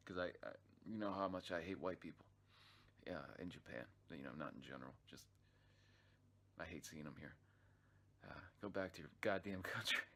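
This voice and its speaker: A man narrating his own travel vlog in a casual, rambling way, swearing freely and often restarting his sentences. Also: low voice. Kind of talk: casual profane storytelling.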